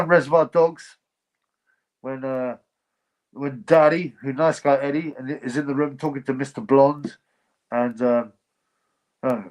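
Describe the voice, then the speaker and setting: Man, slightly high voice, livestream host, blunt, opinionated, rambling chat. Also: darkish tone, poor audio.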